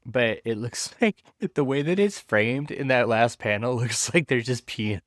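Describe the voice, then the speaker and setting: A man co-hosting a casual comic book podcast, playful and quick to laugh. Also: mid-range voice, no echo, clean studio sound. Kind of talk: casual chat.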